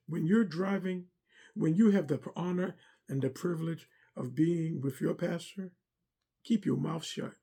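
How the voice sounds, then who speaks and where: Gravelly, earnest man giving a testimony. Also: fairly high pitch, a little slow, dark tone. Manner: earnest, preacherly, repeats himself. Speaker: former armor bearer and driver to a pastor. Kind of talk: personal testimony talk.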